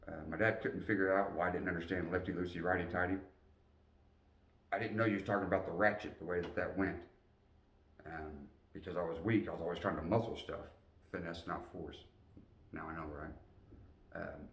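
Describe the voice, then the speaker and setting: Deep-voiced man telling a story in a roomy space. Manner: animated, acts out voices. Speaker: motivational storyteller. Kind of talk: personal storytelling. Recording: roomy echo, distant mic.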